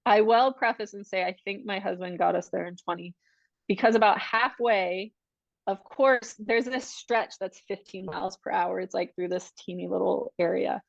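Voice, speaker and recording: Here a mid-range female voice with vocal fry, at normal speed and without echo, belongs to a podcast guest recounting something that happened to her. Chatting casually, she gets animated and performs the quoted dialogue of the people involved, all captured in dull, dry podcast audio.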